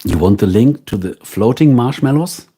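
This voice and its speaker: A man's voice: mid-range voice, animated, normal speed, dark tone, husky. A man with a German accent, a native German speaker, chatting casually with viewers as a livestream host and answering their questions.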